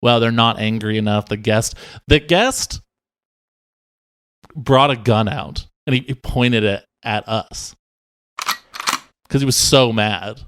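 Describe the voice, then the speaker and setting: A young adult man, a podcast producer, bantering with a deadpan, mock-serious delivery that swells into exaggerated outrage. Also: medium pitch, slow, long pauses.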